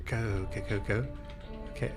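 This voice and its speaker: A young man giving live commentary on a horror game, excitable and quick to swear and yelp at scares while reading his chat aloud. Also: on the low side, over loud music. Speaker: streamer playing a horror game.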